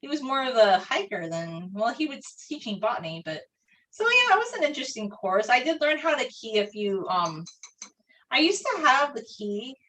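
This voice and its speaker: This young woman talks at a normal speed in a slightly high, somewhat bright voice with big swings in pitch. She paints during a live stream, chatting loosely through a rambling story stuffed with fillers like "like," and the mic picks her up from a bit of a distance.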